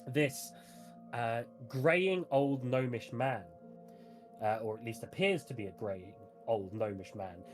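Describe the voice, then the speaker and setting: A woman narrating as game master of a tabletop game in an unhurried way, with hesitant fillers. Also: rumbling low, soft background music.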